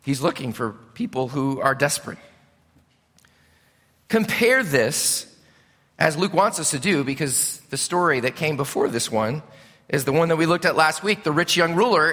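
A middle-aged male pastor preaching a sermon in an animated, conversational way, asking his congregation questions. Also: on the high side, normal speed. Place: church sanctuary. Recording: long hall reverb.

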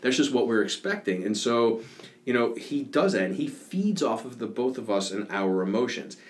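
A man's voice: medium pitch, very animated, moderate pace. A man in his thirties, a father and fire captain, telling emotional stories in an earnest podcast conversation. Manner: emotional, earnest storytelling with laughs.

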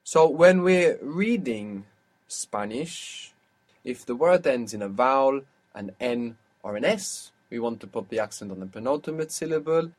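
A man's voice: medium pitch, expressive, a little slow. A man teaching a language lesson, patiently asking questions and explaining rules step by step.

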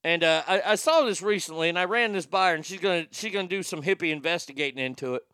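A man holds forth as a show host in a loose, rambling, folksy way, swearing freely and restarting his sentences. His voice is bright and forceful, smooth and clear, and pitched a bit high for a man. The sound is close and dry, with no room around it. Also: fast, no echo. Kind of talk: casual talk-show monologue.

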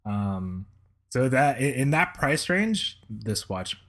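A man's voice: mid-range voice, very animated, slow, a bit bright. A man co-hosting a casual podcast chat as a watch reviewer, speaking hesitantly with many restarts.

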